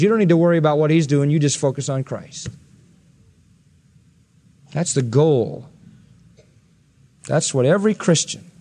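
A male pastor with a high-pitched voice delivers an expository sermon, a long reverb tail trailing his words. His tone stays earnest and swells to emphatic heights on scripture quotations.

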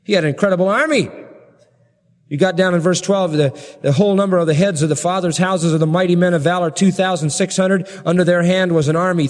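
Man, preacher, dramatic sermon storytelling, fairly high voice, reverberant hall. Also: quick pace. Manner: animated, dramatic Bible storytelling with voiced quotes.

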